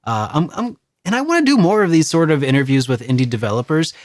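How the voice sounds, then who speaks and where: A man's voice: a little high, sing-song, fast talker, dry recording, clean studio sound. A man co-hosting a casual video game podcast, talking in a rambling, hesitant way with many restarts. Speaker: podcast co-host.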